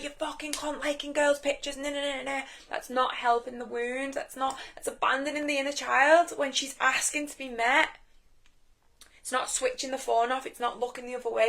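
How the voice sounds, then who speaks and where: A woman's voice: a little high, a bit bright. Chatty woman coaching live. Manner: chatty, swears freely, talks straight to viewers. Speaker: live-stream coach on inner healing. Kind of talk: casual teaching on a live stream.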